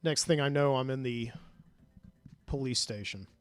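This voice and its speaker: A man's voice: medium pitch, measured pace, clear, resonant tone, soft background music. A man hosting a podcast, telling a dream story in a rambling way with many fillers, recorded in a studio. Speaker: podcast host.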